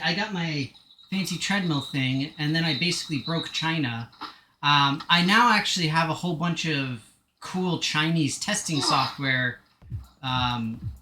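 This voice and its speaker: A man's voice: fairly high pitch, pushed and bright, roomy sound, slight background noise. A man live-streaming a video game, chatting casually in a rambling, self-deprecating way with joking asides. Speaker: gaming streamer.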